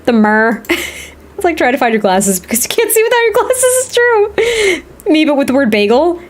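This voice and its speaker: A woman's voice: extremely high pitch, sing-song, moderate pace. A woman in her thirties chatting casually on a gameplay stream, rambling and laughing often. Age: 30s. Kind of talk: casual livestream chat while playing.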